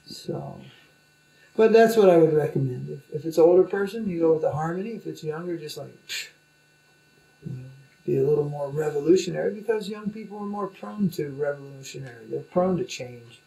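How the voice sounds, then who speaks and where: A man's voice: on the high side, a little fast, creaky, mellow, roomy sound, poor audio. A man who is a spiritual teacher, talking informally in loose, rambling speech with many fillers. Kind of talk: informal conversation.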